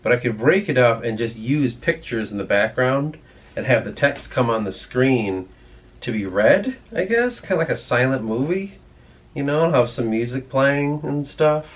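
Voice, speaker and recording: A man's voice: medium pitch, expressive, normal speed. A man vlogging in a rambling, profane, ranting monologue.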